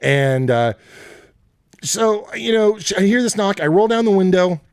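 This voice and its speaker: Guy rambling thru a road story, swears a lot, kinda high voice, dry studio sound. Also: a little slow, clear, resonant tone, no room sound. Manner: rambling, profane, animated storytelling. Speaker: podcast guest. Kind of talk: casual storytelling. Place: basement studio.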